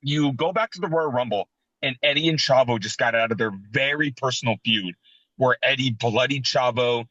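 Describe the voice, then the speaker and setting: A man in his thirties co-hosting a casual wrestling podcast, telling animated, sentimental stories. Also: mid-range voice, moderate pace, no echo, dull audio. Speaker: podcast co-host.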